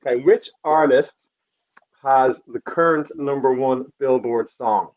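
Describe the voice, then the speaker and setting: A man hosts a quiz over a video call, joking and poking fun at himself between questions. His loose earphones leave the sound muffled and dull. His pitch sits in an ordinary middle range. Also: measured pace, background noise. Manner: joking, self-mocking. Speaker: quizmaster.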